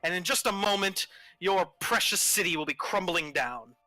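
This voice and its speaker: A man's voice: sits high, normal speed, sharp tone, no room sound, pitched above the performer's own voice. A man voicing a defiant, boastful male halfling who leads a rebellion. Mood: gloating. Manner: boastful, threatening.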